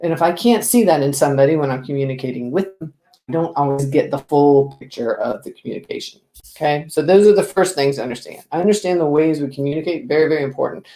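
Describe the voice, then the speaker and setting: A woman business coach giving an expressive, lively talk to the camera, asking the viewer direct questions. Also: low-pitched, fast talker, echoey room.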